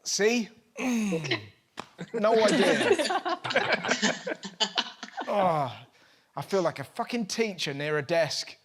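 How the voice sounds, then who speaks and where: A man hosting a comedy show, riffing excitably and swearing freely with members of a studio audience. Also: fairly high pitch, slow, pauses often. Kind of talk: joking banter with the studio audience. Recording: studio audience noise behind.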